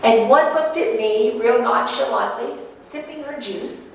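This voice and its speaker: Speaking to an audience, a woman shares her own story with earnest emotion. Her voice sits a little high, moving at a measured pace with hardly any pauses. The recording was made from far off in an echoey hall, with faint noise.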